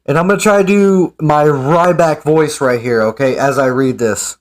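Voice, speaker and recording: A man's voice: on the high side, moderate pace. A man giving casual, sarcastic ranting commentary as an online commentator. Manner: sarcastic, mocking.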